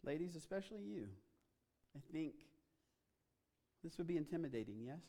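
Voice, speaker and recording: A man's voice: a little high, big pitch swings, normal speed. Man preaching in an echoing hall. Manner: dramatic, rising to loud emphatic passages. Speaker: pastor. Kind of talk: sermon. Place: church auditorium. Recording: long reverb of a large hall.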